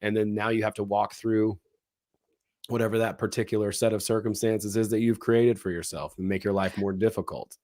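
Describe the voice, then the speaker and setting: A man co-hosting a casual talk, chatting in an animated way, often acting out quoted voices with lots of fillers. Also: on the low side, a little fast, no echo. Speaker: co-host, comedy show producer. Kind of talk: casual conversational chat.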